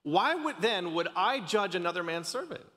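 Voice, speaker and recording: A man's voice: high voice, very animated, moderate pace, pushed and bright, long reverb tail. A man from Canada in his thirties preaching a casual, joking sermon, often stumbling and restarting his sentences. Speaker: pastor. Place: church sanctuary.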